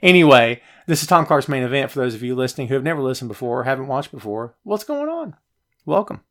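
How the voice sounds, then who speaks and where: A middle-aged man hosting a live stream from his home office, chatty and animated as he answers viewer comments. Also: medium pitch, fast. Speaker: podcast host. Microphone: headphones, phone nearby.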